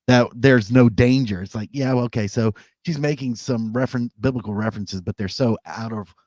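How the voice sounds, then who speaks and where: A man's voice: medium pitch, fairly quick, a little mellow, dry recording, studio quality. A man co-hosting a podcast in casual chat, rambling and correcting himself as he goes, laughing at himself. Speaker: podcast co-host.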